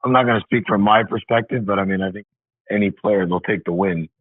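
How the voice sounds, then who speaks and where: A man's voice: lowish voice, brisk, dry recording. A man who is a tennis coach, a podcast guest reminiscing and hedging with "like" and "I mean" in casual chat, heard over a remote call. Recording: tinny phone-like remote call line.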